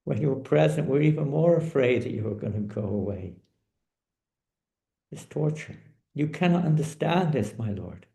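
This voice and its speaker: A man's voice: medium pitch, unhurried, vocal fry, mellow, reverberant. A man voicing a devoted queen who weeps and pleads with her lord, telling a sacred story in a sermon. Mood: pleading. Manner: pleading, tearful. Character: Rukmini, a queen, weeping and devoted.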